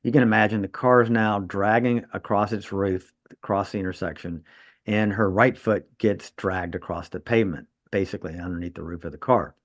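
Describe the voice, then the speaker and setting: A man's voice: lowish voice, steady tone, moderate pace, dry recording, studio quality. A man co-hosting a podcast, a trauma surgeon telling stories in casual chat and laughing at his own jokes.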